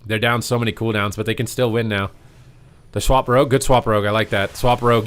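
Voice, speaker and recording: A man giving slangy, joking live commentary on an esports match, yelling at the big plays. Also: on the low side, steady tone, fast, clear, resonant tone. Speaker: streamer casting an esports match.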